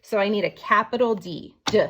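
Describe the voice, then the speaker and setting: A woman teacher giving a phonics writing lesson to young children, slowly sounding out each word letter by letter. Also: medium pitch, a bit bright, slight background noise. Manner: slow, sounding out words letter by letter.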